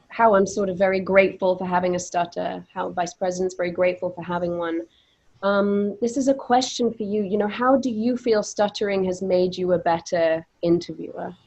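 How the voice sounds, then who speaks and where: A woman who stutters at times, telling stories in a lively way while moderating a panel on a video call. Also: mid-range voice, highs cut off. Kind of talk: casual conversation on a video panel.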